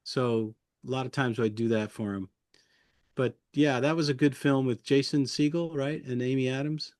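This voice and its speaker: A man's voice: medium pitch, fairly even intonation, normal speed, darkish tone, no room sound, studio quality. A man who works as a puppeteer, chatting casually as an interview guest, chuckling often and rambling loosely through his memories.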